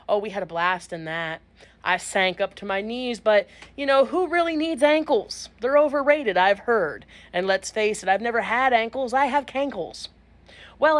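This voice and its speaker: Animated self-mocking woman storyteller. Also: on the high side. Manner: animated, self-mocking, punchy comic timing. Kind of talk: comic personal storytelling.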